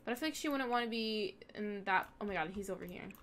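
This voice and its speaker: A woman's voice: medium pitch, expressive, quick pace, fairly bright tone. A young woman hosting a gaming video, casually commenting on her play and scolding the game characters as she goes. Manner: chatty, talks back at the game characters.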